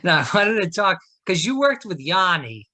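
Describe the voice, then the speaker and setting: A man's voice: high voice, sing-song, moderate pace, sharp tone, no room sound. A man hosting a casual interview who laughs easily and keeps the guest going with short encouraging interjections. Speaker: podcast host.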